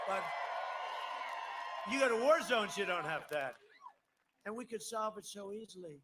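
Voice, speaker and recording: A campaigning politician in his seventies rambles emphatically at a podium microphone during an outdoor airport rally, with remarks aside to the crowd. His high voice has lively intonation at a normal speed with frequent pauses. The outdoor live broadcast has faint crowd noise.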